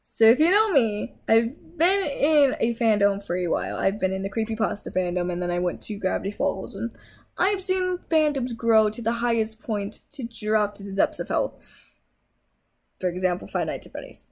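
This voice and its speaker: A woman's voice: medium pitch, very animated, normal speed. A young woman vlogger in a heated, swearing rant, scolding her viewers. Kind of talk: angry rant.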